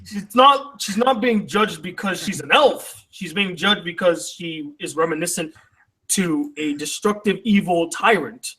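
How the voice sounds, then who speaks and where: Brief: high-pitched man, casual joking debate host. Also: bright, forceful tone, slightly rough, low-quality recording. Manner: casual, joking, quick to interrupt. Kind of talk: live online debate.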